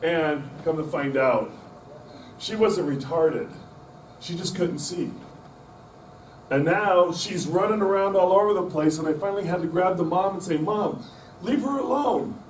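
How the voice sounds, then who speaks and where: A middle-aged man, a guest speaker in a club meeting room, tells folksy, rambling anecdotes with self-deprecating humor. His somewhat high voice keeps a moderate pace with long pauses, miked from a distance in an echoey room with slight background noise.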